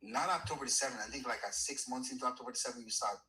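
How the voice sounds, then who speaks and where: A man's voice: mid-range voice, racing, crowd noise, low-quality recording. A man calling in to a live stream, insistent and argumentative, who repeats himself as he makes his case. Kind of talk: casual argumentative chat.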